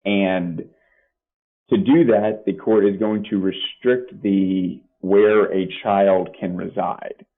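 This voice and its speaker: A man's voice: low-pitched, steady tone, slow pace. A man, a family law attorney and podcast guest, explaining legal points plainly with practical examples. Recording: tinny phone-like line.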